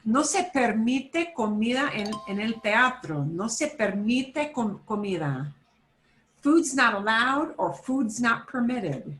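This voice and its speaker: A woman's voice: fairly high pitch, sing-song, takes it slowly, a bit bright. A woman teaching a beginner Spanish lesson, explaining patiently step by step and mixing Spanish phrases into her English.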